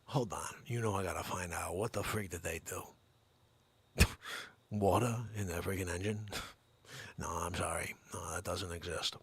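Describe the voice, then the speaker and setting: A man playing a male mob hitman taking a call, speaking low in a hushed, half-whispered voice. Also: huge pitch swings, takes it slowly, vocal fry, long pauses, breathy edge, exaggerated voice. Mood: secretive.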